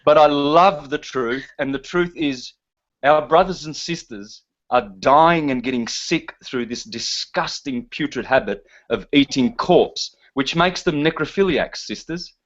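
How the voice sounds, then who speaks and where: A man's voice: fairly high pitch, unhurried, fairly bright tone. A man talking in a casual chat, emphatic and preachy in manner. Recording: dull lo-fi sound.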